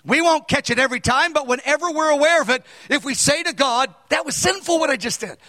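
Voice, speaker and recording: High-voiced, bright older male preacher. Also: quick pace, long reverb tail. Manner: earnest, emphatic, bursts of shouting. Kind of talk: sermon.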